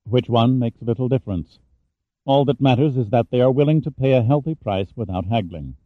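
A man voicing a cold, scheming middle-aged villain in an audiobook, with a sneering, smug, measured delivery. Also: mid-range voice, no room sound, phone-quality sound, close to an everyday voice. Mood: contemptuous. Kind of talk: audiobook character reading.

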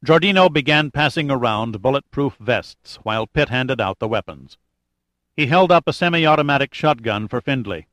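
Man, audiobook narrator, steady reading, mid-pitched, close dry sound. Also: normal speed, dry recording. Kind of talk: scripted narration.

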